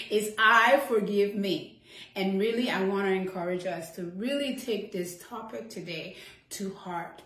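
A woman's voice: medium pitch, a bit bright. A woman hosting an inspirational talk episode, heartfelt and chatty, laughing often as she encourages listeners. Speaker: host. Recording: roomy echo.

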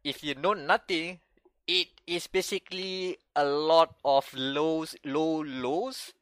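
A man chatting on a gaming podcast with a bright, slightly high voice. He tells stories animatedly, restarting phrases as he goes. The sound is dry and close. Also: takes it slowly, no echo. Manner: animated storytelling with frequent restarts. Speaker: podcast co-host. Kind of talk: casual chat.

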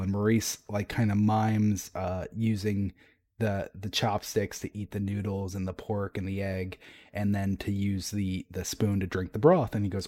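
A man co-hosting a podcast, casually retelling a story with animated restarts and frequent laughter. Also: lowish voice, dry recording. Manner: animated, laughs often, quick restarts, quotes characters in an everyday voice.

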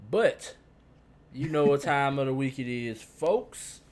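A man's voice: medium pitch, lively intonation, takes it slowly, darkish tone. Playful man hosting a podcast. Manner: playful, rattles off nicknames. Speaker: podcast host. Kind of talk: casual podcast banter.

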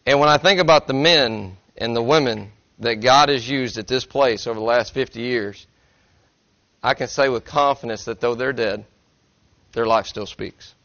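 A man's voice: mid-range voice, normal speed, a bit bright. Folksy joking man preaching a sermon. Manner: folksy, self-deprecating, joking. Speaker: pastor. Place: church sanctuary. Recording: dry, slightly dull recording.

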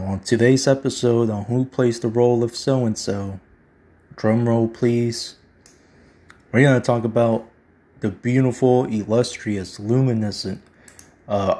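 A man's voice: medium pitch, unhurried, warm tone. Emphatic man ranting a conspiracy theory. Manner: emphatic, repeats himself, slangy. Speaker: podcast host. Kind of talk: conspiracy monologue.

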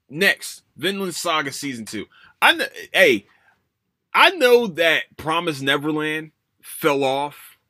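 Animated, swearing male podcast host. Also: fairly high pitch, no echo, studio quality. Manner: animated, profane ranting with many restarts. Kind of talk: casual solo podcast talk.

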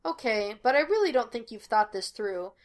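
A woman reading the lines of a cocky, quick-witted young male detective in a fan fiction podfic. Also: a little high, sing-song. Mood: teasing. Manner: breezy and teasing.

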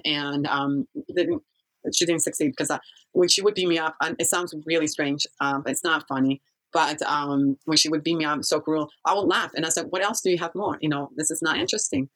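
Halting woman recounting her past. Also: low voice, fairly even intonation, fairly bright tone, low-quality recording. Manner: halting, with many fillers and restarts. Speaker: guest. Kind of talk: personal storytelling in an interview.

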